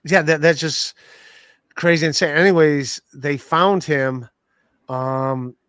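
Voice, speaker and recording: A man's voice: fairly high pitch, fairly even intonation, slow, a bit bright, clear, resonant tone, no room sound, clean studio sound. A man hosting a podcast, telling a long story in casual chat with lots of fillers and restarts. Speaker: podcast host.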